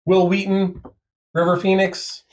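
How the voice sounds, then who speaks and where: A man's voice: high-pitched, completely flat delivery, a little slow. A man in his forties co-hosting a podcast, chatting in a crude, rambling, joking way. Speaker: podcast co-host. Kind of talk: casual podcast chat.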